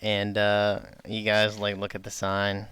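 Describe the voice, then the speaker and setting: A man's voice: fairly low pitch, completely flat delivery, measured pace, fairly bright tone, clean tone, no echo. A man narrating as game master, laid-back, with lots of fillers and frequent laughter.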